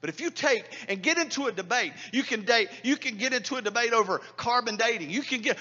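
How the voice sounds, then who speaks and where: Middle aged pastor guy preaching, highish voice, dull lo-fi sound, soft music under it. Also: big pitch swings, fast, few pauses, big-room sound. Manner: swings between loud preaching and hushed near-whispers. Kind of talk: sermon. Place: church hall.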